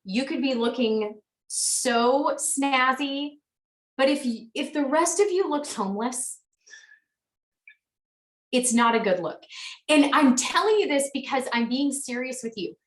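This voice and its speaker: A woman's voice: high-pitched, expressive, a little slow, long pauses. A woman in her thirties, a sales team leader giving a frank, chatty and encouraging motivational talk on a team call. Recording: roomy echo, distant from mic.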